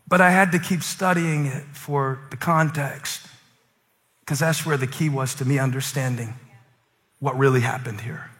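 Animated preacher with a bright voice. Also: male voice, mid-range voice, normal speed, big-room sound, slight background noise. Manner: animated preaching, acts out voices, swings from loud to hushed. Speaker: pastor. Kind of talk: sermon.

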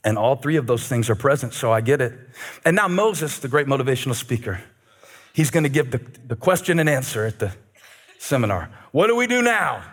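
A man preaching a sermon as pastor, animated and joking, rising to shouts at peaks. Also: mid-range voice, a little fast.

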